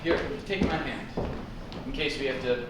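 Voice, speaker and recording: A woman's voice: extremely low pitch, normal speed. A woman playing a bitter young woman who mocks a powerful neighbor sarcastically. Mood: sardonic. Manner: sarcastic, dramatic. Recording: echoey room, distant mic, noisy.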